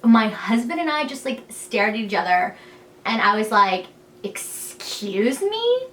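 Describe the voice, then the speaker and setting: A woman's voice: mid-range voice, animated, moderate pace, sharp tone. A young woman telling her birth story in a candid vlog, talking frankly and freely with lots of "like" and "you know", acting out what others said. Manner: chatty and frank, heavy use of "like" and "you know", quoting others in turn.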